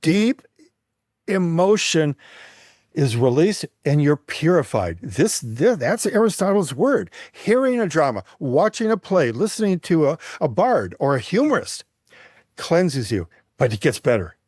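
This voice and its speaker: A man guesting on a talk show, retelling an ancient myth with lively expression and frequent restarts. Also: a little high, unhurried, no echo, studio quality. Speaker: guest, mythologist and writer. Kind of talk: animated storytelling in conversation.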